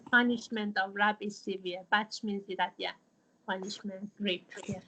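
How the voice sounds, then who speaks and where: A woman, teaching a religious studies class over a video call and explaining patiently in a halting way, full of fillers. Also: medium pitch, fairly even intonation, bright, forceful tone, rough recording.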